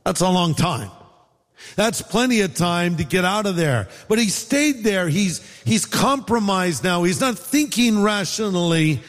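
A man's voice: high-pitched, expressive, unhurried, big-room sound. A man from California with a Californian accent, preaching a sermon in a conversational style full of rhetorical questions. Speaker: pastor.

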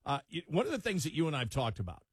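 A man's voice: on the high side, huge pitch swings, racing, slightly rough, no room sound, clean studio sound. A man with a Buffalo accent co-hosting a radio talk show in casual, loose on-air chat. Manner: conversational, loose, chuckling.

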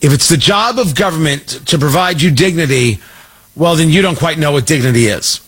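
A man hosting a talk radio show, giving an emphatic, mocking political commentary monologue with drawn-out stresses. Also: fairly high pitch, a bit bright, breathy edge.

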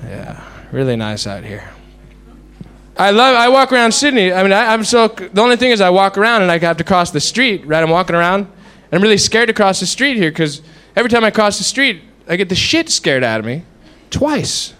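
A man's voice: high-pitched, animated, fast, hardly any pauses, fairly bright tone, clean tone. A man doing a rambling, self-mocking stand-up routine on a live stage, with casual swearing. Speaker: stand-up comedian. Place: live stage in front of an audience. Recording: noisy live stage recording.

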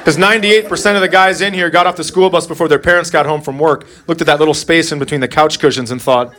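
A man's voice: on the high side, steady tone, fast talker. A man in his forties doing a crude, blunt stand-up set on a comedy club stage. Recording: live club with loud crowd. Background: loud audience laughter.

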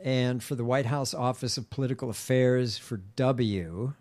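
A podcast co-host casually reading facts aloud, hesitant and filling pauses with ums. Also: medium pitch, fairly even intonation, darkish tone.

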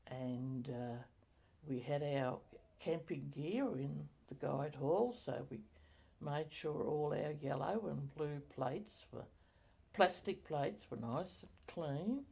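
An older woman recalling her community life in an oral history interview, halting with many fillers and self-corrections. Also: low-pitched, vocal fry, dark tone, slightly rough.

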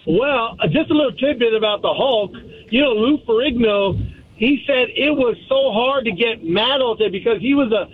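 A man's voice: very high-pitched, moderate pace, husky. A man calling in to a radio show, friendly and chatty, heard over a tinny phone line. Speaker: caller. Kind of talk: phone-in chat.

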